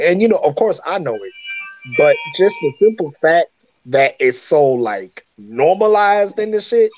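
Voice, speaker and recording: A man's voice: a little high, big pitch swings, normal speed, a little mellow. A man from Africa co-hosting a podcast, talking in blunt, profane, opinionated casual chat. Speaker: podcast co-host. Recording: muffled with faint noise.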